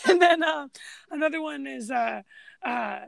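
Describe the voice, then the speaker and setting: A woman's voice: high voice, lively intonation, a little slow, vocal fry, no room sound. A woman in casual conversation, recounting favorite movie moments from her notes with amusement. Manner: chatty, reads quotes from notes, amused.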